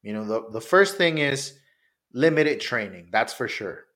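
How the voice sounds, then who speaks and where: A man from Honduras co-hosting a sports podcast, giving measured, thoughtful takes in casual chat with frequent "you know". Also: mid-range voice, animated, a bit bright. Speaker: podcast co-host.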